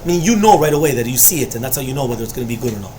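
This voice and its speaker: Warm and animated, this medium-pitched male voice races through a Talmud study lecture while slight background noise lingers. The teacher unpacks each line and constantly checks in with "right?" and "you understand?"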